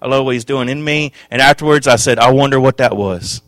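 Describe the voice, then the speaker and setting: A man preaching a sermon, telling his own testimony with passion, dropping to a hush and then rising loud. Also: medium pitch, fairly quick, dry recording. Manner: impassioned, swings from hushed to loud.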